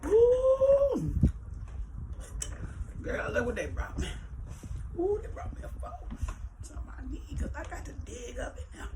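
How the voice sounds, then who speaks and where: A woman's voice: fairly high pitch, wildly swooping pitch, noisy background. A woman hosting an eating show, chatting casually to viewers and humming with pleasure between bites, often talking with her mouth full. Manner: chatty, drawn-out savoring hums, talks with mouth full. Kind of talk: casual mukbang chat while eating.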